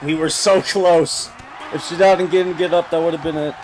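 A man giving casual, reactive commentary on a wrestling video game, swearing and yelling at the screen as he pleads with the characters. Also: fairly high pitch, fairly even intonation, normal speed. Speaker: gameplay commentator. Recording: game crowd and noise behind voice.

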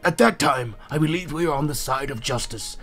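A man reading game dialogue in a slow, solemn voice as a repentant former villain. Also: on the high side, fairly bright tone, soft background music. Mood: remorseful.

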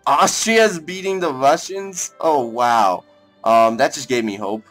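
A young man casually commenting on a strategy game as he plays, thinking aloud, rambling and breaking into excited outbursts, with faint music behind him. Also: medium pitch, takes it slowly. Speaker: let's play gamer.

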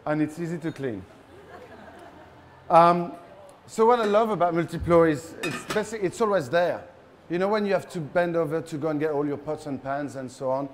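A chef with a French accent is doing a live cooking demonstration for a large audience, joking and teasing with them. He speaks at a moderate pace in a slightly high male voice, with a bit of background noise.

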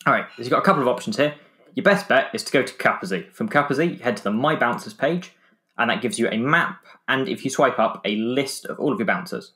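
A man's voice: medium pitch, pushed and bright. A man with an English accent, a podcast guest explaining app steps in a matter-of-fact way. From England. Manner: brisk, matter-of-fact instructions.

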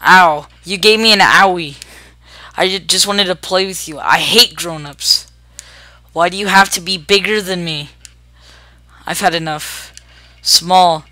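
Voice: medium pitch, sharp tone, dry recording. A gamer voicing a petulant baby ghost boss while reading its lines aloud.

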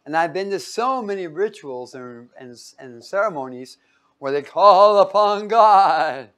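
A man leads a Bible class in a playful, teasing way, quizzing his listeners and cracking jokes as he goes. His voice sits a little high for a man, and he talks straight to the group in front of him. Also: animated, moderate pace, fairly bright tone. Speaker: Bible teacher. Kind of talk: interactive Bible teaching.

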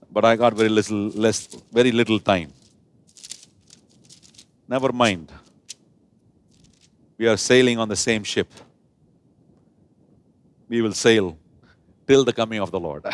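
A male pastor preaching a sermon in a church, stretching key words and calling the congregation to repeat after him. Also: fairly low pitch. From India. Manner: preaching with drawn-out emphasis and call-and-response.

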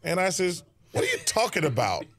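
A man's voice: sits high, brisk, slightly rough. A man, a former basketball player, telling an anecdote in an interview, stammering and laughing as he goes. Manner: animated storyteller, stammering, laughing.

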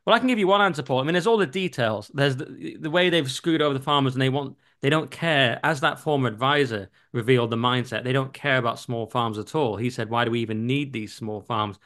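A man's voice: medium pitch, a little fast, hardly any pauses, fairly bright tone. A man hosting a political podcast, talking bluntly with mocking asides and casual swearing. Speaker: podcast host.

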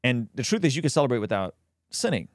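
A man hosting a Christian reaction commentary, animated and quick to laugh, explaining and reading Bible passages into a close mic. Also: medium pitch, no room sound. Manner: animated, bursts into laughter, reads scripture aloud.

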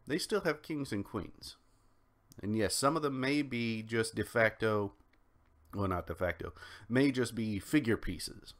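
A man's voice: on the low side, expressive, a little slow, a bit bright. An American man hosting a solo political commentary podcast, talking in a rambling way with frequent restarts and ums. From United States. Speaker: podcast host.

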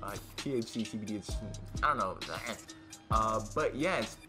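A teenage boy telling a storytime vlog in a casual, rambling way, with many fillers and restarts, getting loud when quoting his friends. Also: on the low side, moderate pace, music in the background. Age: teens. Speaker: YouTuber.

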